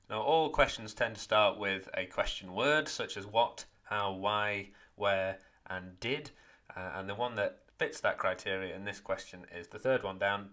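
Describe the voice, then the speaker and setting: A man's voice: lowish voice, bright, forceful tone. A man teaching, going through exam questions one by one and explaining each answer step by step. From England. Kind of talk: exam walkthrough lesson.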